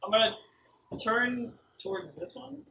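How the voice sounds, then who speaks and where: Man, tabletop player, hesitant with ums, high bright voice, echoey room, distant mic. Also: animated, measured pace, a little hiss or hum. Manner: hesitant, full of "um" and "uh". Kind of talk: casual tabletop play.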